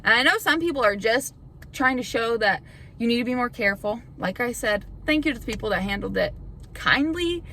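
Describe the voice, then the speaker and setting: A woman's voice: a little high, animated, a little fast, pushed and bright, slight background noise, low-quality recording. A young woman YouTuber in a casual vlog rant, frustrated and defensive. She swears often and rambles with lots of "like". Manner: rambling with filler "like".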